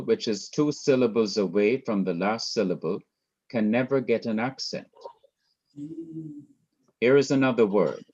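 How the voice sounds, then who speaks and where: A man's voice: fairly low pitch, a little mellow. A man with a Jamaican accent teaching Hebrew grammar in a recorded lecture over slides, methodically repeating terms and counting syllables aloud. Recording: dull lo-fi recording.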